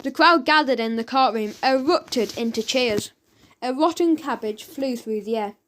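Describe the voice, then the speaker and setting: A woman narrating a children's audiobook in a lively, expressive reading. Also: on the high side, moderate pace, slight background noise. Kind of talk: storybook narration.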